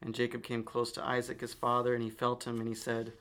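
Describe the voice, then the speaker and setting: A man reading scripture aloud in a measured, solemn manner. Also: mid-range voice, completely flat delivery, a bit bright. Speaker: reader.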